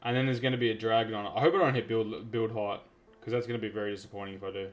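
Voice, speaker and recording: A man from South Australia with an Australian accent, giving chatty, excitable live commentary while streaming a game. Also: on the low side, very fast. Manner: chatty, excitable, self-interrupting. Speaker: gaming streamer.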